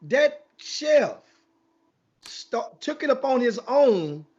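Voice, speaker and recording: A man's voice: very high-pitched, very animated, extremely slow, a little mellow, slightly rough, lo-fi sound. A man hosting a casual sports talk show, telling a long rambling story with many restarts.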